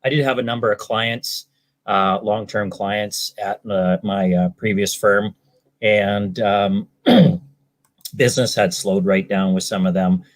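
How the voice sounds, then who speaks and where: A man's voice: fairly low pitch, steady tone, measured pace. A man from British Columbia, a salesman, answering interview questions in a rambling way with many ums and restarts. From British Columbia, Canada. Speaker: guest, salesman.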